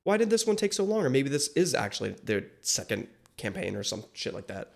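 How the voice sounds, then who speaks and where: A man giving casual reaction commentary on an animated show, rambling, swearing freely and asking many questions. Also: medium pitch, a little fast, creaky. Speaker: reaction video host.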